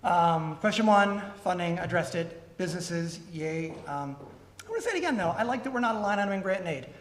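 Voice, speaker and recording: A man's voice: high voice, fairly quick, roomy sound. A man speaking as a guest at a club meeting and answering questions, telling stories and acting out the people in them. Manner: animated storyteller, acts out callers' lines. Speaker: guest speaker from a consumer nonprofit. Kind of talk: Q&A after a club presentation.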